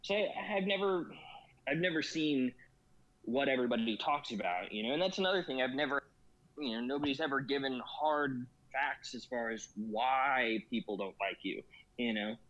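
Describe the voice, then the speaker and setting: A man's voice: medium pitch, lively intonation, moderate pace, a bit bright. A man talking as a guest in a casual discussion, rambling and filling every phrase with "you know". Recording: slightly dull lo-fi audio.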